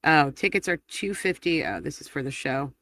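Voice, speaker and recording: A chatty woman hosts a live stream, reading viewer comments aloud in a rambling way. Her voice is bright and forceful. The sound is dry and close, with no room echo. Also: low-pitched, very animated. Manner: chatty and rambling, quick laughs and self-corrections. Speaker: livestream host.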